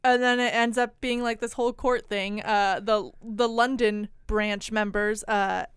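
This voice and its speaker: A woman co-hosting a podcast, telling a story in a loose, wry, chatty way. Her voice is very clear and crisp, and it sounds close and dry. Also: fairly high pitch, steady tone, measured pace, dry recording. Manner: wry, chatty, many fillers. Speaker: podcast co-host. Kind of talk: casual storytelling chat.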